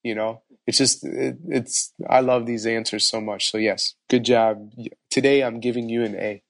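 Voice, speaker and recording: Brief: male podcast host, mid-pitched, lively storyteller, casual chat. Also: normal speed, creaky. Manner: animated storyteller, frequent fillers.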